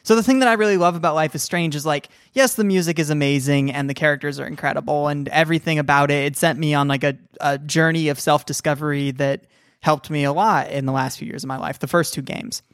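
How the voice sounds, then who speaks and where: A woman co-hosting a casual chat about video games, animated and rambling, laughing often. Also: sits low, quick pace, no room sound, studio quality. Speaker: podcast co-host.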